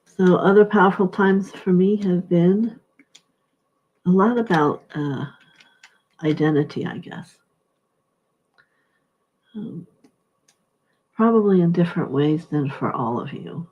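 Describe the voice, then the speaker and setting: A middle-aged woman speaking as a spiritual speaker, sharing a personal testimony in a halting, heartfelt, soft-spoken way. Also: on the low side, breathy edge, dull audio.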